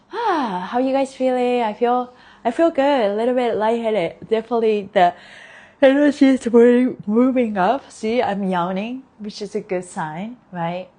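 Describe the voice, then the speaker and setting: A woman who mentors body awareness, leading a slow, soothing repeat-after-me affirmation session on a phone live stream. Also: on the high side, dark tone. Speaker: embodiment mentor.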